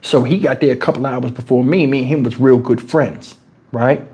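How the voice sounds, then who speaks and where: A man from New Jersey telling casual stories on his livestream in crude street slang, animated and jumping into high, shouted tones as he retells them. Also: normal speed. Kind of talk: casual storytelling. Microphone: wireless lapel mic.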